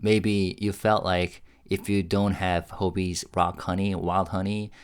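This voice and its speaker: Low-voiced man translating with chuckles. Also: unhurried, clear, resonant tone. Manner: relaxed, chuckling, hesitant with many fillers. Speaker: YouTube host translating a livestream. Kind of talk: casual reaction commentary and live translation.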